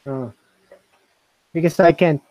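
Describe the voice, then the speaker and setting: A man's voice: a little high, slow, warm tone, no echo, rough recording. A man co-hosting a casual chat, talking in a hesitant, musing way full of fillers and restarts. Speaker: co-host reviewing voice software.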